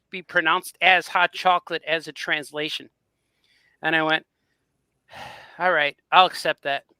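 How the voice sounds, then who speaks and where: A man on a podcast telling a long story with animated energy, acting out both sides of a conversation. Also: fairly high pitch, clear, resonant tone, no room sound. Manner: animated storyteller, acts out quoted dialogue. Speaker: podcast host. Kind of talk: casual chat, storytelling.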